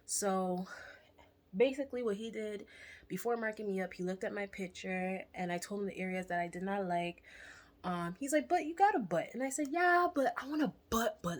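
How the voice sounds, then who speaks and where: A young woman telling a candid personal story to camera in a chatty, animated way, sometimes dropping to a whisper for asides. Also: fairly low pitch. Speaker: vlogger.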